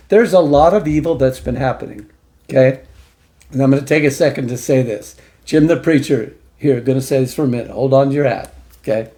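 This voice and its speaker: A man's voice: on the high side, warm tone. A middle-aged man hosting an opinion commentary show, talking emphatically in a preachy way and repeating points for stress. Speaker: host.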